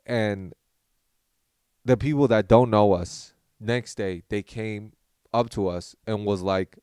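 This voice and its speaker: A young man, a podcast host, tells a rambling, animated story in casual chat and acts out what people said. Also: lowish voice, slow, smooth, no room sound, studio quality.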